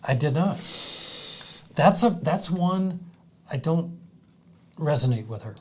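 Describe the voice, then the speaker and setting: A man's voice: fairly high pitch, lively intonation, slow pace, darkish tone, slightly rough. A man co-hosting a podcast in casual chat, laid-back, mostly giving short agreeing replies.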